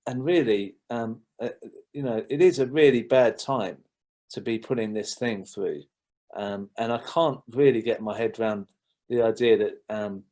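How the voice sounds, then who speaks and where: A man hosts a casual talk show chat in an even middle-pitched voice. He talks haltingly, stopping often and restarting his sentences with plenty of fillers. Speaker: host. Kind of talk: casual chat on a video call.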